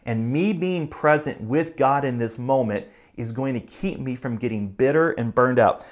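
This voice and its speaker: A man preaching a sermon as a pastor, talking earnestly and conversationally, speeding up and slowing down for emphasis. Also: medium pitch.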